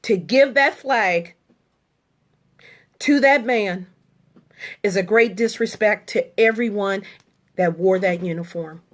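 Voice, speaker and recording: Slow, indignant middle-aged woman. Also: medium pitch. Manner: indignant, emphatic, repeating short statements. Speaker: military veteran. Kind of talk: political monologue to camera.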